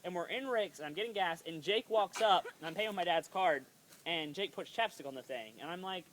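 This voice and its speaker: A woman's voice: on the low side, fairly quick, slight background noise. A woman telling a funny family story in a casual vlog, giggling often and filling her talk with "like". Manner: giggly, lots of "like" fillers, acts out quotes. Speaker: vlogger. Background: friends chiming in and laughing.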